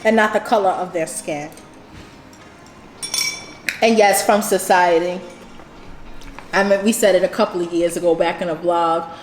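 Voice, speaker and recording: A woman's voice: fairly low pitch, steady tone, normal speed, pauses often, roomy sound, faint music behind. A woman co-hosting a home vlog, chatting casually and emphatically while eating, laughing often. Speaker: vlog co-host.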